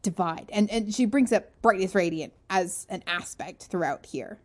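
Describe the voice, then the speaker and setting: A woman's voice: mid-range voice, moderate pace. A woman co-hosting a casual book-discussion podcast, telling stories with giggles. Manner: giggly, animated storytelling. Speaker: podcast co-host.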